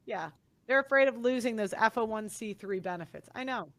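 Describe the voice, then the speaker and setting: A woman's voice: fairly high pitch, a little fast. A young woman giving an angry, blunt monologue, swearing often as she vents. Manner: blunt, profane and heated. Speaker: commentator.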